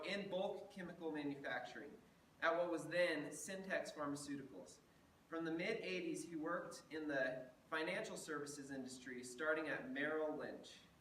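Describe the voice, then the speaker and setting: A young man introduces the evening's speaker to his student group, reading a bio aloud in a halting way and correcting himself as he goes. He is set back from the mic in a roomy, echoing space, and his voice is fairly high. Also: a bit bright, slight background noise. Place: large echoey room. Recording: echoey room, far from mic.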